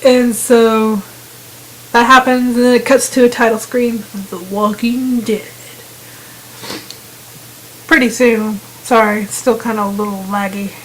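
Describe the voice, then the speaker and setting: A woman casually narrating a video game, retelling scenes and quoting the characters in quick voices. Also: on the high side, slight background noise, rough recording. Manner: chatty retelling with quoted voices. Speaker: gamer narrating gameplay. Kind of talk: casual gameplay commentary.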